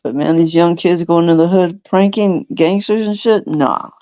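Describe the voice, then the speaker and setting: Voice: medium pitch, moderate pace. A laid-back podcast host tells stories in casual chat, laughing often and slipping into the voices of the people in them. The sound is dull and lo-fi. It is dry, with no room echo. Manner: animated storyteller who acts out quoted voices.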